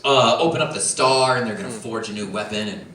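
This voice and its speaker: A man doing a stand-up routine on a comedy club stage, telling rambling stories with chuckles and quick impressions. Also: on the low side, a little hiss or hum. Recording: roomy club sound from a distance, loud crowd. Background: audience laughter.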